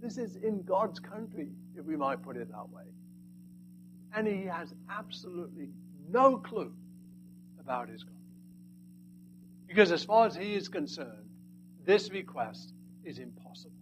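A man preaching a sermon, swinging between loud emphatic lines and hushed, quiet asides. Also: high voice, sing-song, a little slow, long pauses, background noise.

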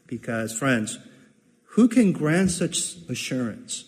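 A man's voice: a little high, expressive, a little slow, long reverb tail. A man preaching a sermon in an earnest way, repeating key phrases for emphasis. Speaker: pastor.

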